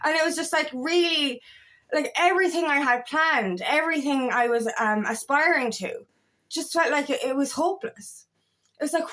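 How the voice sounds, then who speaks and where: A woman's voice: high-pitched, fairly quick, a bit bright. A woman coach in a casual confessional vlog, speaking frankly with plenty of swearing and retelling her own thoughts. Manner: frank and profane, tells stories with self-quotes. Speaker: feminine empowerment coach.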